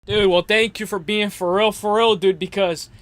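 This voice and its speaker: A man's voice: high-pitched, steady tone, moderate pace, no room sound. A young man hosting a casual livestream, rambling in slangy talk full of fillers and restarts. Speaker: host.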